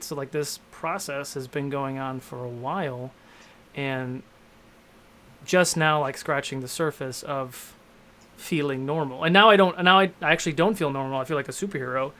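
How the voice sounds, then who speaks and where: Candid rambling man, slightly high voice. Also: a bit bright. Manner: candid, rambling, self-deprecating, lots of "you know" and "like". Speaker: game master and show host. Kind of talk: casual panel discussion.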